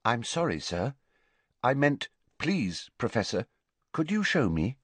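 A man's voice: medium pitch, very animated, moderate pace, slightly rough, dry recording, exaggerated voice. A man whispering as a cold, intense orphan boy. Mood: polite. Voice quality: hushed, whispery. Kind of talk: whispered role-play.

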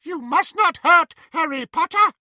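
A man voicing a tiny excitable male house-elf with a squeaky, high voice. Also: a little slow, dry recording, clean studio sound, full character voice. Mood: defiant.

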